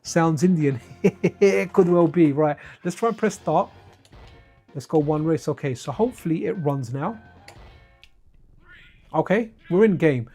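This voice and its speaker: A man's voice: a little high, expressive, unhurried, pauses often, warm tone, slightly rough, faint music behind. A man chatting casually to his viewers on a live stream while playing retro games, wandering off into side stories and addressing chat by name.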